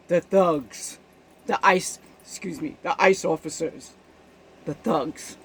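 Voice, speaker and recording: A woman's voice: on the low side, takes it slowly, husky, poor audio. A woman giving casual spoken commentary on a news event, indignant and emphatic, often checking in with her listeners.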